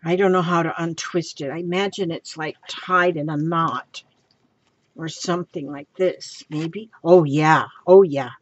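A woman's voice: sits low, a little slow, lo-fi sound. A woman making a casual craft vlog at home, gushing and exclaiming over her supplies. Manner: gushing, excitable, exclaims often. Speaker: craft vlogger.

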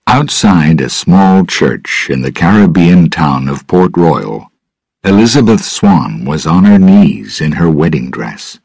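A man slowly narrating a graded-reader story for English learners. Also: sits low, very animated, gravelly, darkish tone, breathy edge, no echo.

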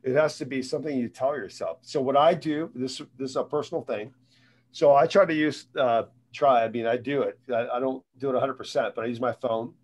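A man's voice: medium pitch, steady tone, a little fast. A man who is a guest, giving casual advice on mindset, rambling and often repeating words and restarting sentences. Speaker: guest speaker on sales and mindset.

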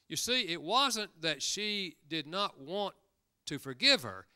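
A man's voice: on the high side, lively intonation, moderate pace, bright, forceful tone, clear, resonant tone. An older man preaching a sermon, telling stories and acting out the quoted voices of the people in them. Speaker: pastor.

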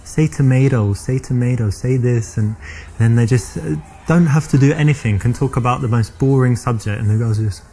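A man's voice: mid-range voice, normal speed, mellow, natural voice. An English-accented man playing a cocky British flirt who boasts and rambles with restarts in a live-action game. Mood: boastful. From England.

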